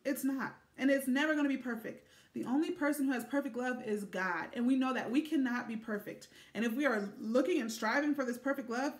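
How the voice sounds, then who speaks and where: Woman doing a faith vlog, highish voice, keeps repeating stuff for emphasis, roomy echo. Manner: emphatic, repeats lines for stress. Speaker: faith vlogger. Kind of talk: casual faith talk to camera. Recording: echoey room.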